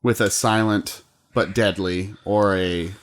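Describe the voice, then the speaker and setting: A man's voice: fairly low pitch, fairly even intonation, slow. A man hosting a casual podcast, joking and laughing as he reads listener questions to the group. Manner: jokey, laughs often, reads questions aloud.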